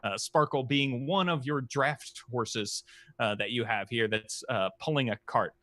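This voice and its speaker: Brief: male game master, slow and halting delivery, bright tone, dry close sound. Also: mid-range voice, no echo. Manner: halting, many "uh" fillers. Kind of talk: recapping and narrating a tabletop game.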